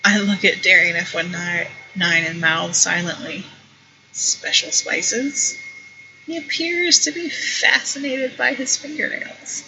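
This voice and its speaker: Bright-voiced woman reading a story game. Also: mid-range voice, unhurried, gravelly, hardly any pauses, a little hiss or hum, low-quality recording. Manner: wry and playful, comments as she reads. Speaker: streamer playing an interactive story. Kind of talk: reading an interactive story aloud.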